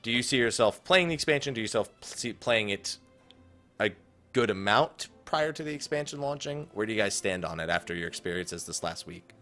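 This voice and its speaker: A man hosting a casual gaming podcast, talking in a lively way and acting out quoted people. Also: fairly low pitch, brisk, faint music behind. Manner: animated, mimics people in quotes. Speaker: podcast host.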